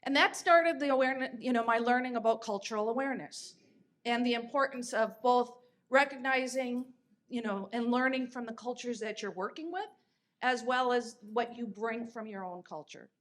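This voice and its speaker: A woman's voice: fairly high pitch, normal speed, a bit bright. A woman in her fifties, a podcast host telling stories in a chatty way, with fillers and restarts. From United States. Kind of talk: conversational storytelling.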